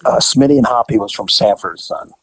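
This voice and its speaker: Older guy, ex-cop, husky voice, tells stories and does the voices, dry sound. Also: medium pitch, quick pace, dry recording, poor audio. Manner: animated storyteller who acts out quotes. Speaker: retired police officer. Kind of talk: storytelling in casual chat.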